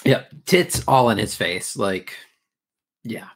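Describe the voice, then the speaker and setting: A man's voice: on the low side, big pitch swings, slow pace, breathy edge. A man chatting casually as a podcast co-host, recapping an episode in a rambling, crude way full of fillers. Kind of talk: casual chat.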